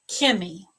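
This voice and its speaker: A middle-aged woman gives live psychic readings, answering viewers' questions one by one. She speaks at an unhurried pace and calls out viewers by name. She often repeats her words and laughs as she goes. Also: bright, forceful tone.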